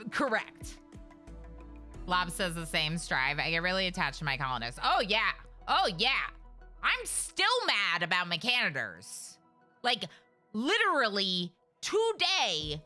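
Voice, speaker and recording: Lively bright-voiced woman streaming a game. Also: on the low side. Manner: chatty, reacts aloud to the game and greets chat. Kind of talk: live game stream chat.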